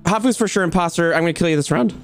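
A woman's voice: fairly low pitch, very fast, music in the background. A woman in an online gaming voice chat, playful and exclaiming. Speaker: player in a social deduction game.

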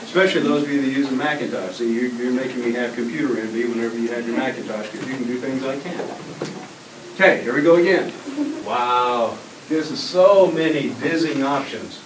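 A middle-aged man giving an energetic, interactive presentation to a school class, often asking the children questions. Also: mid-range voice, brisk. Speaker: guest presenter. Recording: echoey classroom taped from far off with noise.

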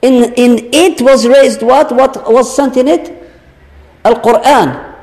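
A man teaching a congregation in a religious lecture, stretching out key words slowly and posing rhetorical questions to his listeners. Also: very high-pitched, fairly even intonation, a little mellow. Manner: slow, drawn-out emphasis with rhetorical questions. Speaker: Islamic teacher. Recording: long reverb of a large hall.

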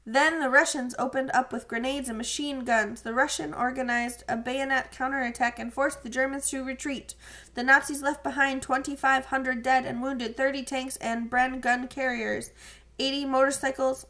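Woman playing male wartime radio broadcaster, audiobook, declamatory, loud, gravelly. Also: high-pitched, flat delivery, normal speed. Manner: declamatory, reading out war figures.

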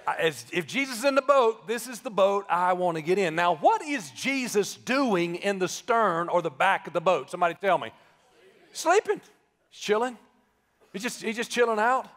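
A man preaching a live sermon as pastor, conversational and joking, then building to shouted emphasis. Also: high-pitched, expressive, moderate pace. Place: church sanctuary, live service. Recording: live church with long reverb.

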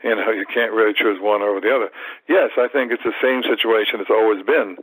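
A man in his seventies, a martial arts teacher, telling stories in an animated way in a podcast interview. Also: fairly low pitch, fast talker, husky, no room sound, low-quality recording. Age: 70s. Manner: animated storyteller, acts out quoted thoughts, repeats words.

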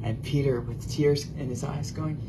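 A man preaching a sermon, earnest and prayerful, swinging from loud bursts to hushed near-whispers. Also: mid-range voice, fairly even intonation, moderate pace, background noise.

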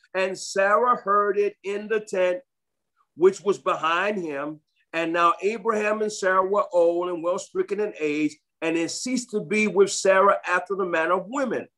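A man's voice: sits high, a bit bright. A man preaching a sermon, reading scripture aloud and breaking in with emphatic comments, repeating phrases for stress. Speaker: pastor.

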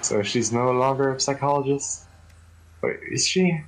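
A man giving relaxed, musing commentary while streaming a game. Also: medium pitch, moderate pace, poor audio. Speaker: let's-play streamer. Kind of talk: casual gaming commentary.

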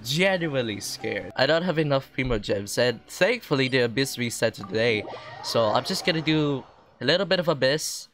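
A man's voice: mid-range voice, animated, normal speed, music in the background. Melodramatic young gaming vlogger guy. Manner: melodramatic, swinging from nervous pleading to loud frustrated ranting. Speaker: gaming video creator. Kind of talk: gaming vlog commentary.

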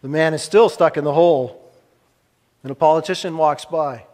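A man preaching a sermon as pastor, pausing dramatically and swinging between emphatic lines and hushed, soft ones. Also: fairly high pitch, in a large hall.

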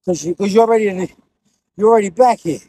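A man's voice: high-pitched, quick pace, mellow, a little hiss or hum, poor audio. A man with a New York accent giving casual, blunt and profane boxing tips while he demonstrates the moves. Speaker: boxing instructor.

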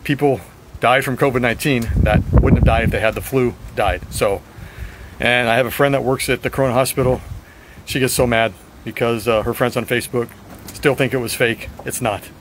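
A man chatting in a rambling, frank video diary, slightly raspy and short of breath. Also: medium pitch, steady tone, fairly quick, a little hiss or hum, rough recording. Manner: rambling, frank, swears at times. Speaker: vlogger.

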